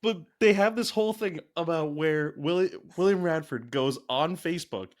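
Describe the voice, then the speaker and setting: A man's voice: a little high, normal speed. A man co-hosting a casual movie-review podcast, mocking a film in a rambling, sarcastic way with lots of fillers. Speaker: podcast co-host.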